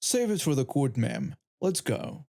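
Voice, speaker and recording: A man voicing a stern, measured male police officer. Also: medium pitch, sing-song, gravelly, dark tone.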